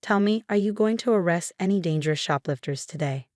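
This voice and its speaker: A woman narrating voicing a condescending, dismissive adult sister in a fake-sweet manner, in a low voice. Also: a little fast, a little mellow, no room sound, studio quality, lightly acted. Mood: mocking.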